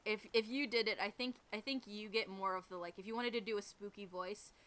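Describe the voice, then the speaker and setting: A woman from the northern United States co-hosts a casual chat podcast outdoors behind a garage, giggling a lot and filling her talk with fillers and laughter. Her mid-range voice holds a steady tone, moving a little fast with a slightly bright quality.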